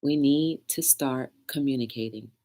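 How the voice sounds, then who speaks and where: A young woman hosts a casual live talk show in a low voice. She speaks in a chatty, preachy way and answers viewers' comments as she goes. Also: measured pace, mellow.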